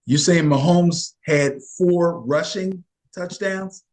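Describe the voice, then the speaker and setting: A man co-hosting a casual football podcast, answering with quick, brief replies and questions. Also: fairly high pitch, a little mellow. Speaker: podcast co-host. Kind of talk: casual sports talk.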